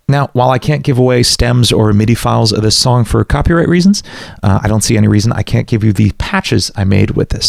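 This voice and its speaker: A man talks viewers through his production breakdown in a relaxed, self-deprecating tone. His voice has a gravelly, fry-edged texture. The recording is dry and close, with no room sound. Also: medium pitch, no echo. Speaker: music producer and channel host.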